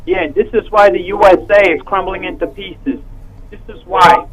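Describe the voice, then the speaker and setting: A man's voice: high-pitched, lively intonation, normal speed, poor audio. A man calling in to a talk show, rambling and filling his talk with "you know". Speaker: caller. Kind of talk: casual phone-in chat.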